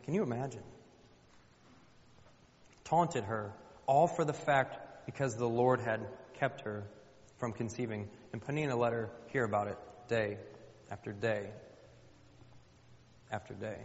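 A man's voice: medium pitch, a little slow, pauses often. A man preaching a sermon in a church, colloquial and emphatic, repeating phrases for effect. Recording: dull lo-fi with long hall reverb.

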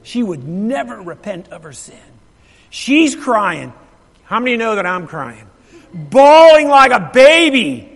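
High-voiced man preaching in an echoing hall. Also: very animated, slow, a bit bright. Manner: emphatic, repeats phrases, questions the congregation. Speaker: pastor. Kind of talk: sermon storytelling. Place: church sanctuary. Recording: long reverb of a large hall.

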